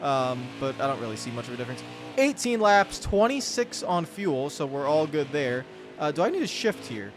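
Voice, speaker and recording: A man's voice: fairly high pitch, big pitch swings, normal speed. Exasperated man rambling over gameplay. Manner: rambling, self-interrupting, exasperated rants. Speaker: gaming channel host. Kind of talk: live gameplay commentary. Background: game music and car engine sounds.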